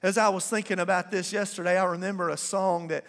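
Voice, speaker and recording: A man's voice: high voice, steady tone, fast, gravelly, a bit bright, big-room sound. A male pastor preaching a sermon, calling for responses from the congregation and drawing out words for emphasis. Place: church sanctuary.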